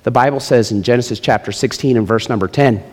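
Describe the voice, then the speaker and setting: A middle-aged man preaching a sermon as pastor, swinging between loud, high emphasis and low, quiet drops. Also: fast. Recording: long hall reverb.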